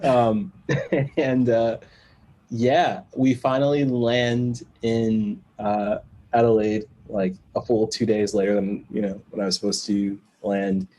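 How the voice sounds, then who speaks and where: A man guesting on a podcast, telling a long story in a casual, animated way and acting out the other people in it. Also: lowish voice, takes it slowly, rough recording. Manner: animated storyteller who acts out quoted voices and laughs between lines.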